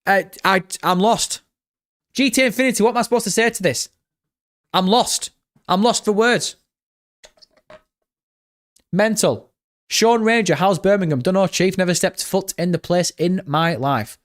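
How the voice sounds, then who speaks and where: A man's voice: sits high, measured pace, long pauses. Give me a young British man hosting a live stream, chatty and worked up, talking straight to his chat. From Britain. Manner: excitable, swears often, chats directly to viewers.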